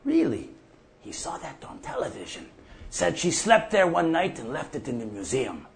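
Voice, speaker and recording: A man playing a gravelly old farmer. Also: on the high side, big pitch swings, normal speed, slight background noise. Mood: rambling. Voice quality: gravelly, folksy and profane. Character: older male prairie farmer off the drink, gruff storyteller. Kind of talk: monologue.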